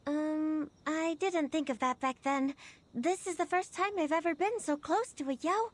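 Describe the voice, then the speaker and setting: Brief: timid, wondering young girl, very high voice, put on by a man reading game lines. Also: moderate pace.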